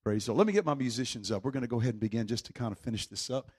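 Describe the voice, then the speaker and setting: A man preaching a sermon with fervent energy, swinging from shouts to quiet storytelling. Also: medium pitch, racing, slightly rough.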